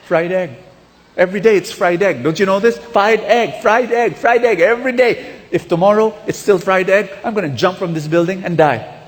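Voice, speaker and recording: A man's voice: high voice, moderate pace, lightly acted. A man with a Filipino accent voicing a fed-up construction worker who complains in exasperation, heard with long reverb in a large hall. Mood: exasperated.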